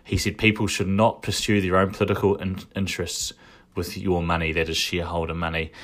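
A man with a low, deep voice talks through his thoughts in a casual commentary. He often restarts his sentences and wanders into asides as he goes. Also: fairly bright tone. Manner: thinking aloud, frequent restarts and asides. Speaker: commentator recapping a shareholder meeting.

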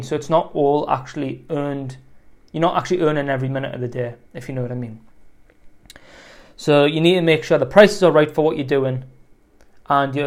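A man's voice: medium pitch, a little mellow. A man who runs a lawn care business, telling a rambling story as advice, full of "you know" asides. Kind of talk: casual storytelling advice talk.

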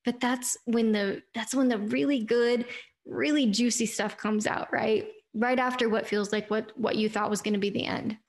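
A woman's voice: fairly high pitch, steady tone, moderate pace. A woman in her thirties hosting a faith podcast, telling personal stories in an earnest, chatty way and talking straight to her listeners. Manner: earnest, chatty, addresses listeners as "you guys". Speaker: podcast host.

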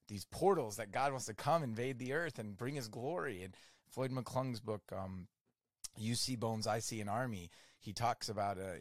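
A man hosting a faith conversation, reflecting warmly on what his guest said and adding his own thoughts. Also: lowish voice, dry recording, clean studio sound. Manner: affirming, reflective, many "so good" replies. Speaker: interview host.

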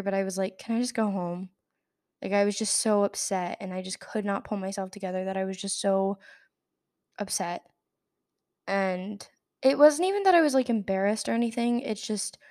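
A young adult woman hosting a podcast, telling a personal story in a rambling, casual way full of fillers and restarts. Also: mid-range voice. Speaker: podcast host.

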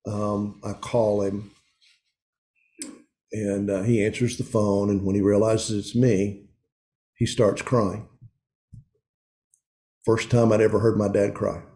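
A middle-aged man speaking to a men's group in an earnest, confessional way, often slowing down and pausing on emotional points. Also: on the low side, little pitch movement, warm tone. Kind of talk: heartfelt talk to a men's group.

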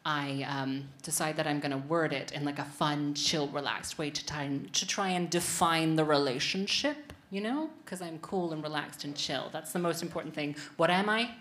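A young adult woman performing a stand-up comedy set in front of a live audience, with self-mocking deadpan asides to the crowd. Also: low-pitched, normal speed, few pauses.

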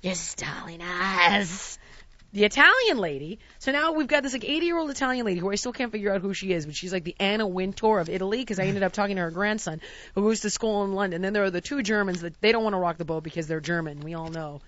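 A woman's voice: fast talker, lo-fi sound. A woman hosting a casual talk show, telling a travel mishap story and acting out every quote with big swings of voice. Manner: animated, acts out quotes with big pitch jumps and shouts. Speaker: podcast host.

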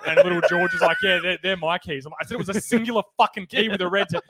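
Animated, fast-talking man. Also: high voice, slightly rough, dry recording. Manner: swears often, laughs through stories. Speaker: podcast co-host. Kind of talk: casual banter.

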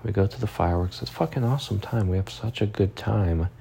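A man's voice: lowish voice, fast, vocal fry, dark tone, slight background noise. A young man telling a personal story in a vlog, rambling and swearing, tearful and upset, his voice rising and cracking with emotion.

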